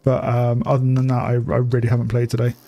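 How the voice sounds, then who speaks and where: A young man streams a bike game, chatting casually, swearing freely and laughing often. His medium-pitched voice is monotone and dark, and he talks at a quick pace, giving the feel of a gaming streamer's casual live commentary.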